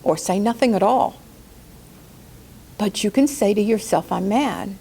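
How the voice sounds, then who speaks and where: A woman life coach giving a calm spoken lesson, slowing down to stress key words and acting out quoted outbursts in a raised voice. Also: creaky, slight background noise. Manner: calm, gentle delivery with slow deliberate emphasis; acts out quoted outbursts in a higher, louder voice. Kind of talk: spoken teaching talk.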